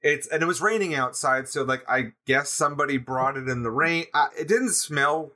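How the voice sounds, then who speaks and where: Guest man, bright punchy voice, loose anecdotal storyteller on a video call. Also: fairly high pitch, normal speed. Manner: rambling anecdotes with laughs and restarts. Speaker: guest drummer. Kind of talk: casual storytelling. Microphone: video chat.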